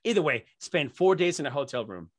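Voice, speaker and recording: A young man telling excited, profane stories as a podcast guest, laughing often. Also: a little high, brisk. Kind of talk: casual storytelling.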